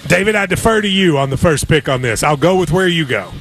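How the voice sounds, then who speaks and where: A man's voice: a little high, fast, faint music behind. A man hosting a sports radio show, joking around in casual chat. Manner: jokey, animated, laughs often.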